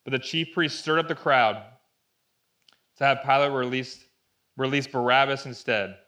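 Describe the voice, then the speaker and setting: A male pastor delivers a storytelling sermon in a bright, forceful voice at an everyday pitch. He reads the passage aloud and takes on the speakers' voices. At dramatic moments he drops into a hushed, intense tone. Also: moderate pace. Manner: storytelling, acting out voices in Bible readings.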